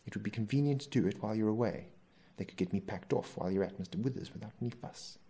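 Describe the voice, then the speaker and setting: A man's voice: fairly low pitch, quick pace, mellow, breathy edge. Man putting on a curt, icy young wife. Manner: short, clipped replies.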